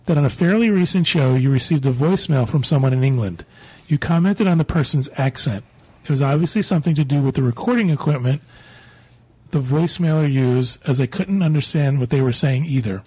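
A man's voice: fairly high pitch, a little mellow, husky. A man co-hosting a podcast, reading listener email aloud in a casual, joking way. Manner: joking, laughs often. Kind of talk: casual chat.

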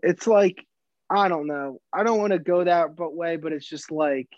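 A man's voice: fairly high pitch, moderate pace, a little mellow, no echo. A man co-hosting a casual sports podcast who rambles, stumbles over his words, restarts his sentences and swears freely. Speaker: podcast co-host. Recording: dull, dry sound.

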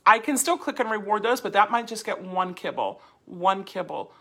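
A bright, gravelly-voiced woman leads a dog training lesson. She talks in a chatty, animated way and slips into playful voice demonstrations. Her tone is slightly husky. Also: medium pitch, normal speed. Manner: lively, chatty teaching with playful voice demos.

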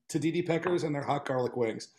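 A man's voice: fairly high pitch, brisk, darkish tone. A man co-hosting a podcast, talking in a rambling, chatty way and laughing often. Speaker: podcast co-host. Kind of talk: casual podcast chat.

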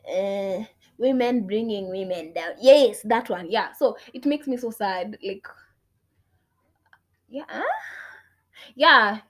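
An outspoken young woman venting her views straight to camera. Her speech lurches from sharp, loud bursts down to near-whispered muttering, peppered with curses and Swahili phrases. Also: expressive, slow, long pauses. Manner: outspoken, swears a lot, switches between English and Swahili; swings from loud outbursts to low muttered asides. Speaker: vlogger. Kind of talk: casual opinion rant.

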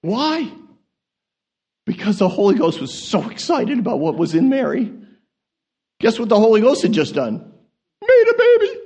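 A man preaching a sermon as an animated, joking storyteller, swinging from quiet asides to excited peaks. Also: high voice, moderate pace, long pauses.

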